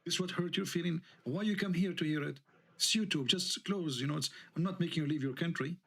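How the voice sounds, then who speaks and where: An indignant male online show host speaks in a fairly high, slightly bright voice at a slightly fast pace. During a live online debate, he sounds heated and fires off rhetorical questions.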